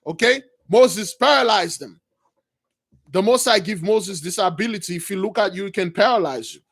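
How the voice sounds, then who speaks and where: High-voiced guy telling a bible story casual style, calls folks brothers. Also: moderate pace, creaky, husky. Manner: animated, addresses listeners as brothers. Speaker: preacher, storyteller. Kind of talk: casual retelling of a religious story.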